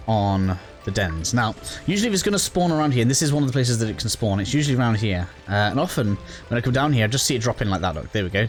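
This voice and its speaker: A man giving a casual, rambling walkthrough of a video game, with lots of fillers and restarts, a little out of breath. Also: fairly low pitch. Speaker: gaming YouTuber. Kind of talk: casual gameplay walkthrough commentary.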